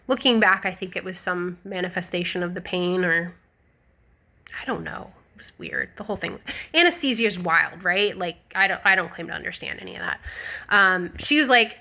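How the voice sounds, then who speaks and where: A young woman recounting a personal story in a loose, chatty way, with plenty of fillers along the way. Her voice is clear and bright with a forward edge, sitting at an ordinary middle pitch. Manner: chatty, rambling, lots of likes and ums. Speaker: vlogger. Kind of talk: casual storytelling.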